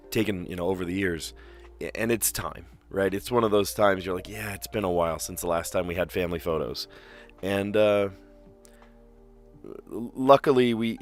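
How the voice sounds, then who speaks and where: A man streaming a puzzle game, chatting casually and thinking aloud with fillers, clearing his throat now and then. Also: low-pitched. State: slight cough, clearing throat. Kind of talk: casual live-stream chat while solving puzzles.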